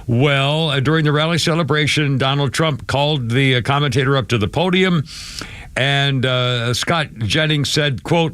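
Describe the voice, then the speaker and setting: A man's voice: medium pitch, normal speed, a bit bright, clean tone, no room sound. Older man hosting talk radio: rambling, filler-heavy, dry close studio mic. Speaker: radio show host. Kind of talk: casual talk radio chat. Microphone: studio microphone.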